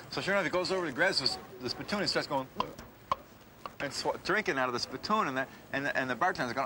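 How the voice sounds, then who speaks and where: Fast-talking man telling a rambling joke. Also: mid-range voice, animated, noisy background. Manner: rambling, acts out the characters.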